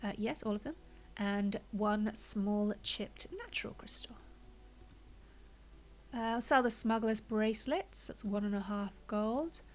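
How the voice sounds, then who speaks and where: An unhurried woman with a medium-pitched voice gives casual commentary while streaming gameplay. Chatty and thinking out loud, she describes what she's choosing to do, her breath a little short and her nose blocked.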